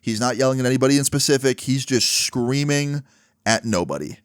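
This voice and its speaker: A man's voice: mid-range voice, lively intonation, brisk, clean tone, no echo, studio quality. A young man telling a personal story casually, dropping "like" and "right?" often. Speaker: vlogger. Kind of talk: storytime monologue.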